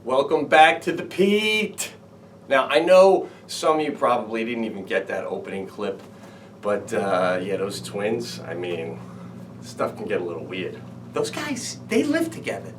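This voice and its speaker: A man's voice: on the low side, measured pace, far from the mic, noisy background. A man hosting a comedy show from home, talking in a rambling, wry monologue and swearing casually. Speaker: comedian host. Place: home with a washing machine running.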